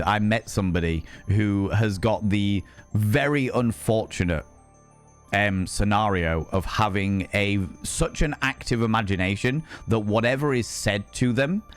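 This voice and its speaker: A man chatting casually on a live stream, rambling and animated, swearing freely. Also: fairly low pitch, measured pace, faint music behind.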